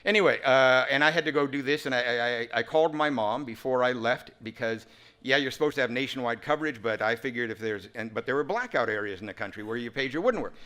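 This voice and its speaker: Fifties male speaker, lively humorous storyteller, plain mid voice. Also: medium pitch, quick pace, clean tone. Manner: animated, humorous, full of sound effects. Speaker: recovery talk speaker. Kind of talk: personal storytelling speech.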